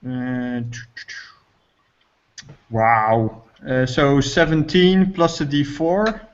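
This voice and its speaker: A man's voice: medium pitch, extremely slow, clear, resonant tone. A man playing a tabletop game, hesitant with many fillers and restarts. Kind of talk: casual game chat. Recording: muffled lo-fi recording.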